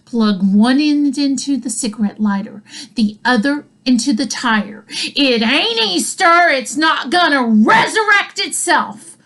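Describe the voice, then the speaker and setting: A woman's voice: sits high, animated, unhurried, a bit bright. A woman voicing her tense, exasperated mother, gritting the words out through clenched teeth.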